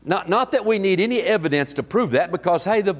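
A man preaching a sermon, telling folksy stories in a halting way with many restarts. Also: sits high, expressive, long reverb tail. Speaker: pastor. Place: church sanctuary.

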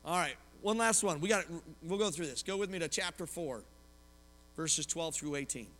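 A man, preaching a lively sermon as a pastor, telling personal stories and asking the congregation questions. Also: on the high side, moderate pace. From Oklahoma, US. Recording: long hall reverb.

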